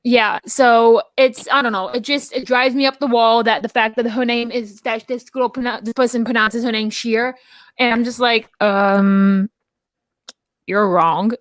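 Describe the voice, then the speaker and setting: A woman co-hosting a casual talk show, telling stories in a rambling, animated way full of restarts. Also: on the high side, unhurried, no room sound, clean studio sound. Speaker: podcast co-host. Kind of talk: casual chat.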